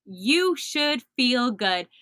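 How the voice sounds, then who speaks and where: A young woman hosting a sports podcast, animated and emphatic, laughing at herself now and then. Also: fairly high pitch, very slow, clear, resonant tone, no room sound. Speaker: podcast host. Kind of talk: excited sports podcast talk.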